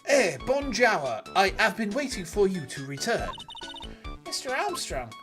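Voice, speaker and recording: Man putting on a pompous fake-French chef, theatrical, drawn-out, lilting high voice. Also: big pitch swings, fairly bright tone, faint music behind, full character voice. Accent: exaggerated fake French.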